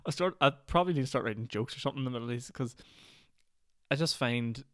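A man's voice: mid-range voice, quick pace, dry recording, studio quality. A Northern Irish man hosting a solo podcast, rambling and ranty, with lots of "like" fillers. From Northern Ireland. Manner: rambling, ranty, heavy use of "like". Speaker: podcast host.

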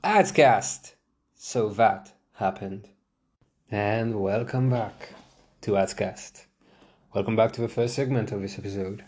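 A young man hosts his own podcast from a chair at home, chatting alone in a casual, rambling, self-mocking way with many restarts and laughs into a desk microphone. His voice is lowish and mellow, his intonation fairly even, and his pace a little slow.

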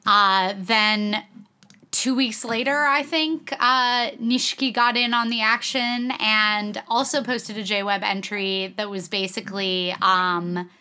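A woman's voice: mid-range voice, fairly even intonation, slow pace, bright, forceful tone, smooth. A woman co-hosting a podcast, telling stories in casual chat with many ums and some swearing. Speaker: podcast co-host.

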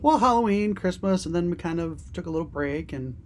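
A woman's voice: fairly low pitch, lively intonation, fairly quick, a little mellow, slight background noise. A young woman co-hosting a casual podcast, laid-back and chatty, tossing in slang. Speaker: podcast co-host. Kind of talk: casual chat.

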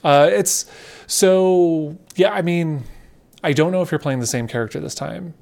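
A man co-hosting a casual podcast chat, talking in a relaxed, conversational, loosely descriptive way. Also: fairly high pitch, a little slow, creaky. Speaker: podcast co-host.

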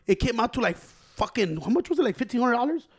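A man's voice: very high voice, very animated, fast talker, breathy edge. A man co-hosting a podcast in casual chat, ranting with profanity and laughter, slipping in Spanish words. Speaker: podcast co-host.

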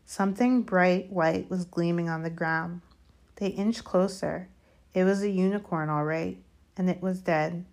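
A woman reading a children's fantasy chapter aloud as narrator, steady and measured. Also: on the low side, creaky. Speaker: audiobook reader. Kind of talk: storybook narration.

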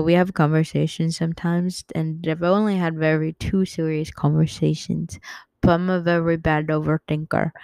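A woman's voice: low voice, vocal fry, warm tone, clean tone, dry recording. A young woman hosting a casual solo podcast, giggling often and rambling as she loses her train of thought. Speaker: podcast host.

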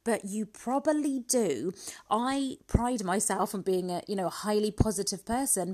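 A woman's voice: mid-range voice, unhurried. A woman hosting a casual motivational podcast from her living room, chatty and upbeat, often laughing and asking "guess what". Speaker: podcast host, business coach.

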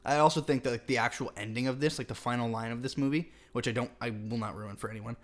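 Fast-talking young podcast co-host. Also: male voice, mid-range voice, fairly even intonation. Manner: quick, chatty, laughs easily. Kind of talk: casual chat.

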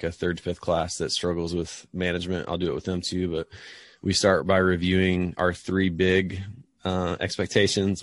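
A young man, a PE teacher and parent, answering interview questions in a relaxed, chatty way. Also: low-pitched, no room sound. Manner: relaxed, chatty, says dude and like a lot.

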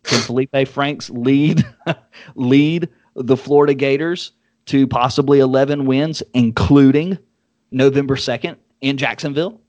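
A man hosting a casual sports podcast, quick and joking as he leads the talk. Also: mid-range voice, steady tone, a little mellow, no room sound. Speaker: podcast host.

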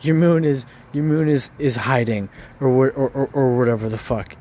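A man of middle pitch pours out an angry, frustrated rant. He swears often and stumbles over repeated words as he pushes on. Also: fairly even intonation, normal speed, mellow, a little hiss or hum. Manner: frustrated, profane, stammering repeats.

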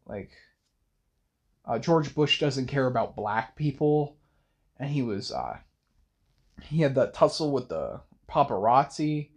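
A man's voice: mid-range voice, very animated, takes it slowly, long pauses, husky. A young man hosting a late-night monologue, rambling casually with many fillers and restarts. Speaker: podcast host.

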